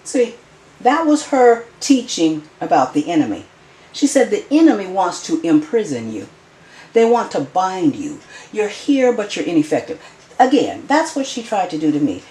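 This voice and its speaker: A woman speaking as a commentator, pressing her points home and repeating them for emphasis. Her voice is low but swings widely in pitch, and the recording carries a noticeable room echo. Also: big pitch swings, normal speed, warm tone. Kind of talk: critical commentary.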